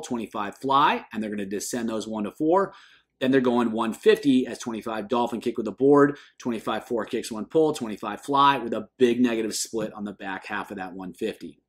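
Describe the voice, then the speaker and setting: A man who is a swim coach, explaining training drills in an instructional video with an emphatic delivery that rises on each list item. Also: mid-range voice.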